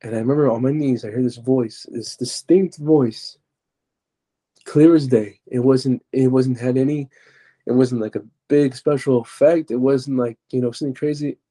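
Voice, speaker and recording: A young man telling his personal testimony as a podcast guest, halting and restarting as he searches for words. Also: medium pitch, steady tone, warm tone.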